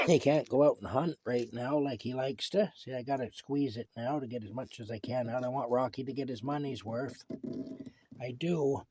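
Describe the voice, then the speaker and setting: A man's voice: medium pitch, moderate pace, a little mellow, slightly rough, no echo. A man chats affectionately to his cat at home, adding wry jokes about himself, recorded on a phone. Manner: chatty and affectionate, with wry self-deprecating jokes. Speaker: vlogger. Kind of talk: casual talk to his pet. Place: at home by a table.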